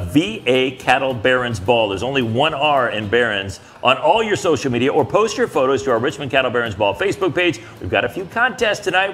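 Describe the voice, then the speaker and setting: A man's voice: mid-range voice, fairly bright tone, a little hiss or hum. A man co-hosting a live studio broadcast, joking casually and poking fun at himself. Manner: jokey, casual, self-mocking. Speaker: TV host.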